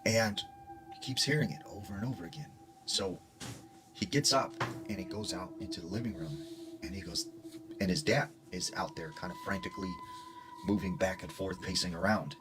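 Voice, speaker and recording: A man's voice: low-pitched, huge pitch swings, normal speed. A man casually telling a ghost story in a rambling way, full of fillers. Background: music.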